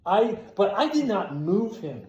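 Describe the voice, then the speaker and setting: A man's voice: high voice, a little slow, echoey room, highs cut off. A man telling a story casually and with energy, cursing freely and acting out the lines of the people in it. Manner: animated, profane, acts out quotes loudly. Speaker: storyteller at a skate event.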